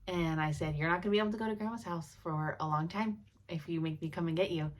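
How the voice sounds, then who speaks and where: A woman's voice: fairly low pitch, fast. A woman in her thirties chatting casually to her viewers as a cross-stitch vlogger, laughing often as she tells stories. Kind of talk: casual chat.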